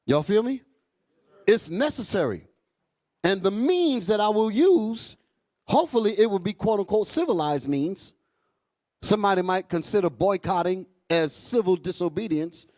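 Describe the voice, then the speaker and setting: Animated preaching man, wildly swinging voice. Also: moderate pace. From United States. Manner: loud, animated, swings high and low, profane, asks crowd "y'all all right?". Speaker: bishop preaching to a congregation. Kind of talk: fiery street-preaching sermon.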